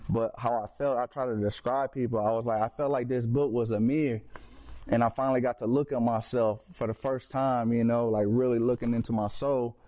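An earnest man shares his personal testimony in loose, slangy storytelling, often restarting his sentences. His voice sits at an ordinary middle pitch, and the recording is slightly dull and lo-fi. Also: fairly even intonation, brisk. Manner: earnest, street slang, frequent restarts and fillers. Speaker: person sharing a faith testimony.

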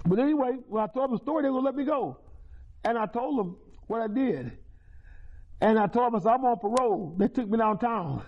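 High-voiced man giving testimony. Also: expressive, fast talker. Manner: folksy, repetitive storytelling with chuckles. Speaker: recovery meeting speaker. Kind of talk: personal testimony. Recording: dull lo-fi recording.

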